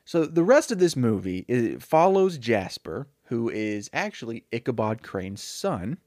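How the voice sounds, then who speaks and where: A man's voice: mid-range voice, big pitch swings, a little slow, darkish tone, no room sound, studio quality. A man casually retelling a made-up movie plot on a podcast, rambling and chatty, with many fillers and self-corrections. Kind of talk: casual storytelling chat.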